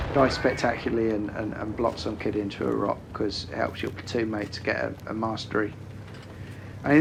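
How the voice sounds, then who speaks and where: A man's voice: mid-range voice, vocal fry, a little hiss or hum. A man giving sarcastic, swearing commentary over his own tank gameplay, mock-quoting his teammate in exaggerated voices. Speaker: gaming YouTuber.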